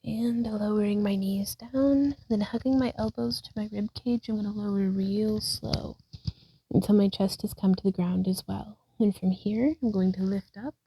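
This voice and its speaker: A woman's voice: medium pitch, normal speed, gravelly, slightly rough, dry recording, low-quality recording. A woman leading a yoga practice, cueing breaths and poses, sometimes breathless and laughing at herself. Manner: laughs at herself, relaxed and chatty between cues. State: out of breath at times. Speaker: yoga instructor. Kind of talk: guided yoga practice, self-talk. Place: indoors at home by a wall.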